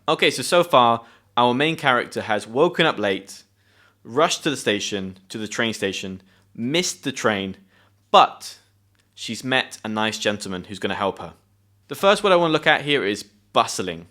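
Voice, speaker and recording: A British man teaching English, reading a story aloud and pausing to explain words clearly. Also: medium pitch, expressive, a bit bright. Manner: friendly, clear explanations with pauses to define words.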